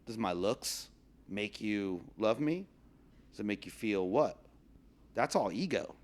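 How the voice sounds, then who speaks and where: A man's voice: on the low side, animated, slow pace. A man hosting a podcast in casual chat, telling stories with frequent laughs and plenty of swearing. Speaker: podcast host.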